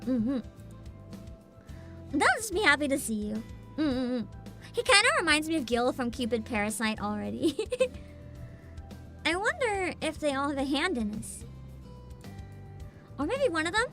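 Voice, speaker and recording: Young woman streamer, high bright voice, giggly and playful, casual chat, faint game music behind. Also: lively intonation, moderate pace, long pauses. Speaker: streamer playing a story game.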